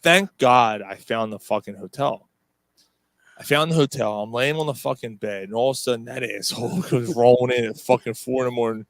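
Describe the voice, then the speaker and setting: A man's voice: mid-range voice, fairly quick, vocal fry, no echo. A man hosting a podcast, telling a rowdy story in casual chat, swearing constantly and laughing as he goes. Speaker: podcast host.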